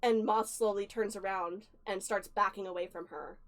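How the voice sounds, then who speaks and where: A woman narrating a spooky tabletop game as game master, telling it slowly and deliberately with suspenseful pauses. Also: mid-range voice, fairly even intonation. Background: faint background music.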